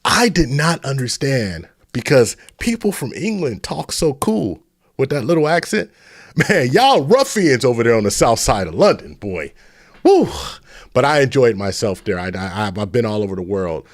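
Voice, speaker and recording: A middle-aged man from the Bay Area hosting a casual live stream, telling rambling stories and shouting out viewers. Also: mid-range voice, sing-song, moderate pace, no room sound, studio quality. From San Francisco Bay Area.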